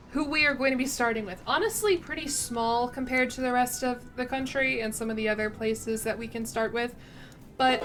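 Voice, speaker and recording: A woman's voice: on the high side, fairly bright tone. A woman game streamer chatting casually and rambling a little, reading chat and poking fun at herself as she plays. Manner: chatty, rambling, self-deprecating, reads out chat.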